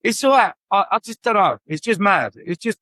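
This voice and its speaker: A man with a London accent co-hosting a wrestling podcast, ranting and swearing excitedly in casual chat. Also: high-pitched, moderate pace, no echo. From England. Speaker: podcast co-host.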